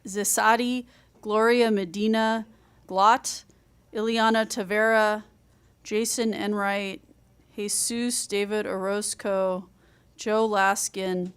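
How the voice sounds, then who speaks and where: A woman chairing a city hearing, calling out speakers' names in a measured way and stumbling over a few of them. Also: medium pitch, level tone, smooth. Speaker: meeting chair.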